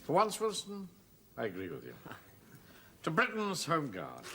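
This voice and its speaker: An actor playing a pompous middle-aged English home guard captain who makes rousing speeches. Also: male voice, fairly high pitch, huge pitch swings, a little slow, creaky, fairly bright tone, slight background noise, full character voice. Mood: toasting.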